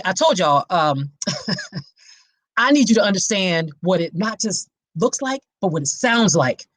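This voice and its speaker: A woman talking straight to her listeners in a preachy, emphatic way, pressing each point home. Her voice sits in a middle pitch for a woman. The sound is dry and close, with no room echo. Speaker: podcast host. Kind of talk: impassioned awareness talk.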